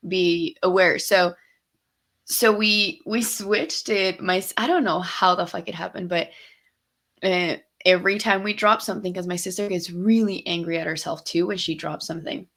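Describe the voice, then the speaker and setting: A woman's voice: on the low side, steady tone, moderate pace, fairly bright tone. A young adult woman co-hosting a podcast, telling stories candidly in casual chat, dropping Spanish phrases and swearing freely. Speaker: podcast co-host.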